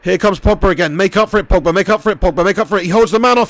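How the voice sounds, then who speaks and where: A young man live-streaming a football game, commentating excitably, swearing freely and chatting with viewers. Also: high voice, rapid-fire, no room sound.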